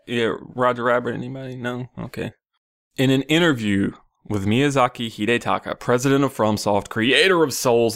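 A man's voice: medium pitch, moderate pace, a bit bright. A man hosting a casual gaming news podcast, loose and profane, who keeps breaking into laughter as he talks. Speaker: podcast host.

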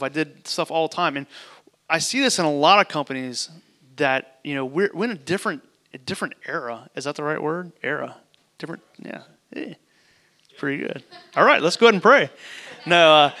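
Guy preaching, bright kinda high voice, reads the bible then jokes around, laid back. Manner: relaxed and conversational, joking asides and laughing. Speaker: pastor. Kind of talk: casual sermon, reading scripture aloud.

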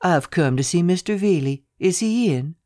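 A reader voicing a young male private secretary in an audiobook, speaking in a low, steady, businesslike way. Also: moderate pace, no room sound, studio quality, close to an everyday voice. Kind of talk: audiobook character reading.

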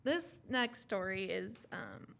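Young woman co-host, bright clear tone, animated storyteller, casual chat. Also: medium pitch, takes it slowly. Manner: animated, laughing, acting out quotes. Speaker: podcast co-host.

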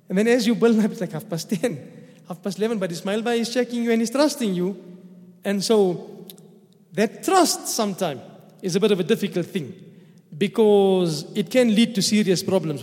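A man's voice: high voice, darkish tone. A man with a South African accent giving a chatty, humorous Quran commentary in a mosque, telling stories and acting out dialogue. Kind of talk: sermon. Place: large mosque hall. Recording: long hall reverb.

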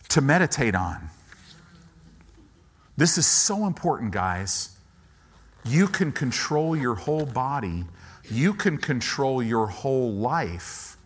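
A man preaching a sermon to a congregation in a church, acting out doubting inner voices and rising to loud commands. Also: mid-range voice. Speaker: pastor.

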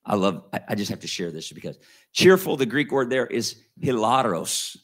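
A man preaching a sermon in a conversational way, slowing down and rising to stress key words, then dropping low for asides. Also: very animated. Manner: conversational with wide swings in pitch and loudness, slows to stress key words. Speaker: pastor.

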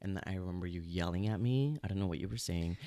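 A man hosting a podcast in casual chat, talking frankly and swearing, often halting and correcting himself as he recounts. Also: low-pitched, mellow, no room sound. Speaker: podcast host.

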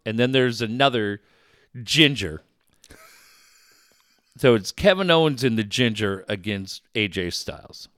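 A middle-aged man hosting a sports talk radio show, telling a rambling, animated story with many restarts. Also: fairly low pitch, unhurried, pauses often, no room sound, clean studio sound. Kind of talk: casual talk radio chat.

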